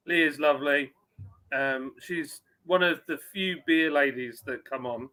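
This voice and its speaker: Bright-voiced chatty man. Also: a little high, moderate pace. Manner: chatty, reads out viewer names. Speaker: live stream host. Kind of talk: casual live chat.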